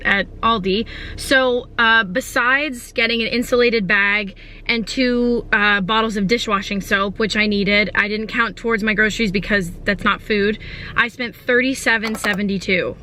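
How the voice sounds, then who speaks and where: A woman's voice: mid-range voice, steady tone, normal speed, bright, forceful tone, a little hiss or hum. A young woman in a chatty, upbeat casual vlog, listing her grocery haul item by item. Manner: chatty, upbeat, lists items. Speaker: vlogger.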